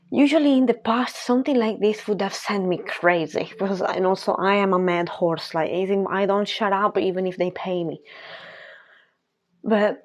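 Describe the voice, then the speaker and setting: A woman's voice: mid-range voice, steady tone, normal speed. A woman speaking as a spiritual coach in a casual monologue, emphatic and repetitive, laughing between phrases.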